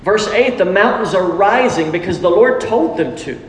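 A man's voice: sits high, expressive, moderate pace. A middle-aged man preaching a sermon as pastor, emphatic and repeating phrases for stress. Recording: echoey hall, faint background noise.

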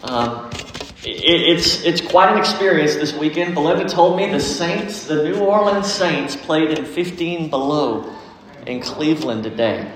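A man's voice: a little high, expressive, a little slow, a bit bright, recorded from a distance. A man, an earnest, folksy pastor praying and preaching a sermon. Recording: echoey hall, faint noise.

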